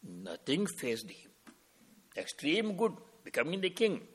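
Calm man giving a devotional talk. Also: fairly high pitch, husky. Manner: slow, calm, storytelling with Sanskrit terms. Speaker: spiritual teacher. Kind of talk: devotional discourse.

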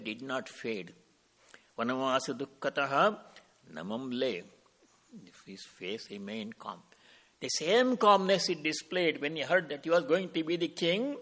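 A spiritual teacher with a medium-pitched voice delivers a devotional talk. He recounts a sacred story in a slow, calm manner and explains Sanskrit terms as he proceeds.

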